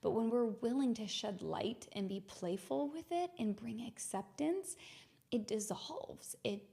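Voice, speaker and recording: A woman's voice: fairly high pitch, lively intonation, a little slow, gravelly, mellow. A woman hosting a mindfulness podcast, animatedly telling a personal story and acting out her own inner voice.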